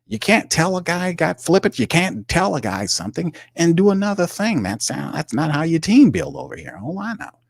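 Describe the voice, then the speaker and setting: A man's voice: lowish voice, animated, gravelly, a little mellow, husky, no echo, studio quality, exaggerated voice. A man doing an impression of a flustered male team executive who stammers and rambles, full of restarts and filler words. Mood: scolding. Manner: halting, full of "you know" and restarts.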